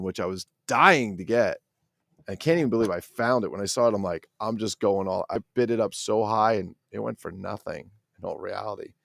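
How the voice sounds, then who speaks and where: A middle-aged man with a New Jersey accent hosts a casual livestream, excitable and profane, rambling as he reads out chat comments. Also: on the low side, brisk, creaky, no room sound, clean studio sound. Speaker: toy collector livestream host.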